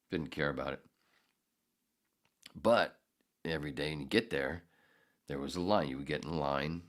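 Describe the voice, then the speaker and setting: A man with an extremely deep, low voice tells a story on his own podcast. He talks in a loose, profane way, full of sarcasm and loud outbursts where he acts out what was said. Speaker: podcast host. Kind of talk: casual storytelling monologue.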